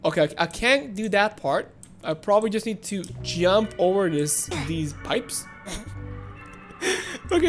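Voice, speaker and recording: A woman host giving excitable let's-play commentary on a game, talking to her viewers and repeating words when things get tense. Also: a little high. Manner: excitable, talks to viewers as "guys", shrieks and repeats words under pressure. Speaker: gaming channel host.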